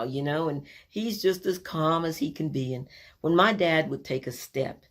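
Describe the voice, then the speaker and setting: A woman earnestly retelling a childhood family story in an animated, personal way. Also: deep voice, a little slow.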